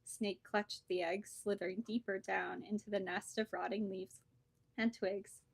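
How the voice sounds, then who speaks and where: A woman bookseller reading a children's storybook aloud with lively, expressive storytelling. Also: medium pitch, a little slow, vocal fry, husky, no echo.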